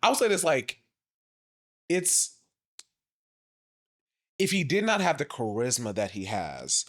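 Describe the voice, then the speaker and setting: An animated man co-hosting a casual podcast, with a mid-range voice that leaps and swoops as he acts out little exchanges. He talks it through with plenty of restarts and emphatic turns. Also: slow. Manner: animated, jumps to high mock voices. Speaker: podcast co-host. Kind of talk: casual chat.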